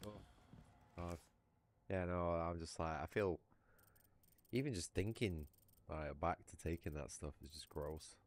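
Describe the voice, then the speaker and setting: A man's voice: sits low, measured pace, long pauses, slight background noise. A British man casually chatting on a gaming livestream, rambling and swearing as he tells a story. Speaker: livestream gamer. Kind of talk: casual chat while gaming.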